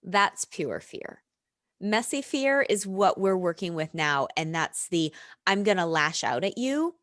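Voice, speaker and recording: Middle-aged us woman on a podcast, real slow and reflective, laughs a lot, dry sound. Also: lowish voice, lively intonation, a bit bright, no echo. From United States. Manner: reflective, unhurried, laughs often. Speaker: guest, yoga and reiki practitioner. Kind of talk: casual podcast chat.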